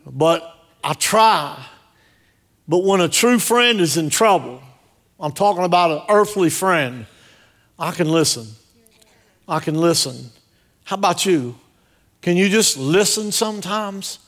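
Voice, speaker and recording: A fairly high-voiced male pastor preaching at a church service. He is jokey and direct and keeps firing questions at his congregation. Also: animated, measured pace, a bit bright. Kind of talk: sermon.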